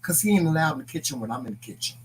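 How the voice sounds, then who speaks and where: A man co-hosting a casual talk show, joking and teasing in a loud, emphatic way. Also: on the high side, animated, racing, low-quality recording. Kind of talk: casual chat.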